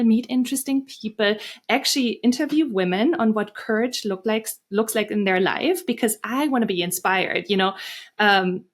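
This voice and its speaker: A woman's voice: medium pitch, moderate pace. German-accented woman telling a story. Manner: earnest, storytelling, some restarts. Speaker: guest author. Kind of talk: interview answers.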